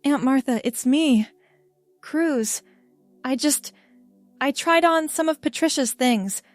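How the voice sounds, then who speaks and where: A woman voicing a soft-spoken apologetic young man. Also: high-pitched, slow pace, no room sound, soft background music, voice pushed up. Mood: flustered.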